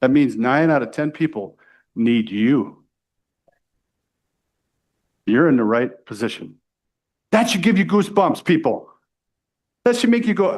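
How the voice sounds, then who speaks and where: Salesy middle-aged man, higher voice. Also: normal speed, pauses often. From United States. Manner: energetic, salesy, keeps asking "right?". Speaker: sales trainer. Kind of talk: live training talk to a room. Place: room with a live audience.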